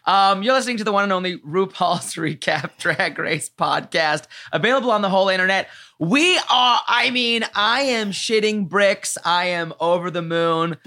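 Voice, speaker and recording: A man's voice: high voice, normal speed, pushed and bright. A man with an American accent hosting a podcast, joking crudely and laughing often in casual chat. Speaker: podcast host.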